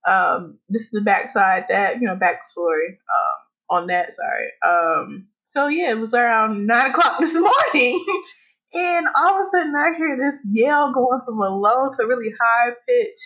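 A woman's voice: a little high, a little slow, fairly bright tone. A woman co-hosting a podcast in casual chat, blunt and profane, laughing often. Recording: dull lo-fi recording.

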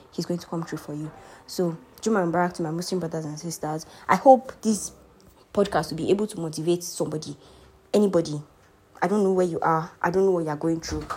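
A woman's voice: on the low side, dark tone, slight background noise. A young Nigerian woman hosting a podcast, speaking earnestly and heartfelt as she encourages listeners to keep faith. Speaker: podcast host. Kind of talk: motivational faith talk.

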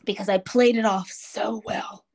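A woman's voice: medium pitch, a little slow, husky. A woman co-hosting a podcast, telling stories in casual chat and laughing easily. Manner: animated storyteller, laughs until tearful. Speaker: podcast co-host.

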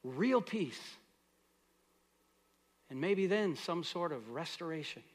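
A middle-aged man preaching a sermon as pastor, moving between loud, earnest exhortation and soft, quiet prayer. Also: fairly high pitch, expressive, slow.

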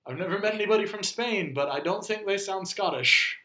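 A man co-hosting a relaxed podcast, telling animated stories with quick mock impressions. His voice is bright and forward. The room adds a noticeable echo. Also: sits high. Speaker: podcast co-host. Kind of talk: casual chat.

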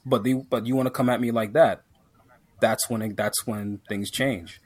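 A man's voice: on the low side, fairly even intonation, moderate pace, breathy edge. A man co-hosting a casual podcast, ranting with lots of restarts and fillers. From Jamaican heritage. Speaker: podcast co-host.

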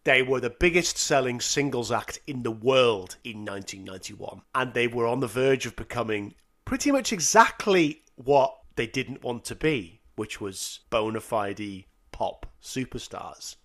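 A man co-hosting a casual music podcast, animated and often laughing, reading quotes aloud with sarcastic asides. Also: mid-range voice, measured pace, hardly any pauses. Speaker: podcast co-host.

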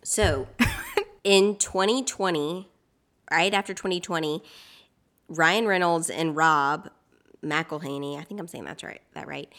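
A woman co-hosting a podcast in relaxed, easygoing casual chat with some teasing. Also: low voice. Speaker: podcast co-host.

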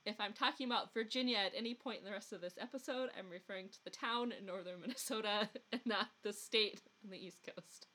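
A podcast co-host from the US Upper Midwest, along the Mississippi, tells a story in a chatty, giggly way with a rural Midwestern accent. Her medium-pitched voice is bright and forceful, a little fast with hardly any pauses, in casual podcast chat.

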